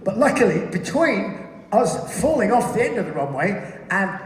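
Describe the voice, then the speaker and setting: A man, telling comic anecdotes on a theater stage, animated and profane. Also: sits high, moderate pace. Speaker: guest speaker. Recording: distant, echoey theater recording.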